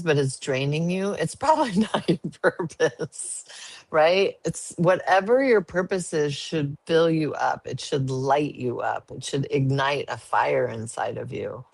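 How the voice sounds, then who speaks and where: A woman's voice: sits low, gravelly, no echo. A woman guest sharing her story in an interview, earnest and emotional. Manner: earnest, emotional, laughs easily.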